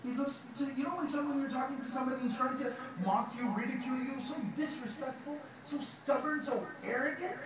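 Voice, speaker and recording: A man's voice: very high-pitched, brisk, hardly any pauses, over a noisy crowd. A man preaching a sermon, acting out the lines of the figures he retells and reciting verses in Arabic. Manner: dramatizing quotes with lively retellings. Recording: very echoey hall, mic far off.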